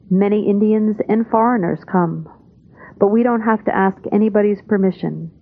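A woman gives a steady spoken translation of a spiritual talk, calm and measured, her pitch in the ordinary middle range for a woman. The sound is thin and narrow, like an old tape heard over a phone line.

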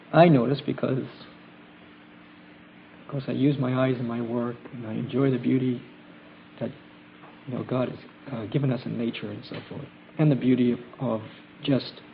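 Man, mid-pitched and gravelly, casual testimony to a gathering, halting with fillers, muffled lo-fi tape with faint hiss. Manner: halting, many fillers and restarts, gentle and reflective. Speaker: group member sharing trip experiences.

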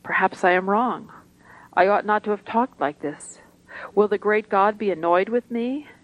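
A simple young shepherd boy, read by a woman, earnest and pleading as he speaks in a devoted tone. The voice sits at a middle pitch, a little raised in level, in a plainly read storybook style. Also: normal speed, highs cut off, lightly acted. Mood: worried.

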